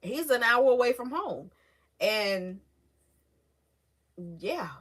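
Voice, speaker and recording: A woman's voice: on the high side, lively intonation, drawn-out words, long pauses. A woman hosting a casual livestream, chatting with viewers, greeting them by name and talking with feeling. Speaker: livestream host. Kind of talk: casual live-stream chat with viewers.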